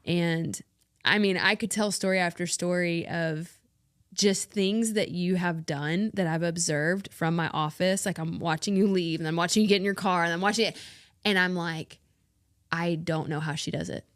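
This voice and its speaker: A woman co-host with a slightly low voice speaks earnestly in casual talk among friends. She affirms the others warmly, laughs often, and sounds close to the mic in a dry room. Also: fairly even intonation, normal speed, no echo. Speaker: podcast co-host.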